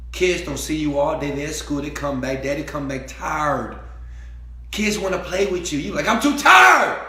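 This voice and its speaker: A man giving a preachy motivational speech, repeating himself and swinging between quiet talk and shouting. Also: on the high side, echoey room. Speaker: motivational speaker.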